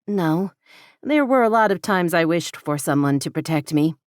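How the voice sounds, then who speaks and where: A woman's voice: on the low side, lively intonation, moderate pace, no room sound, clean studio sound, lightly acted. A woman voicing a candid young woman who teases and confides earnestly. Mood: confiding.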